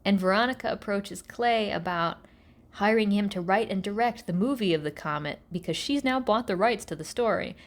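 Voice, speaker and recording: A woman hosting a podcast, recapping episodes in a sarcastic, animated storytelling way and slipping into mock voices for the characters. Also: medium pitch, normal speed. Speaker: podcast host.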